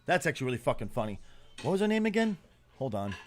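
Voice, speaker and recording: There's a slight hiss or hum behind this man's fast, very animated mid-range voice as he hosts a casual livestream. Swearing heavily, he gives blunt, opinionated reactions and keeps trailing off mid-search for a name.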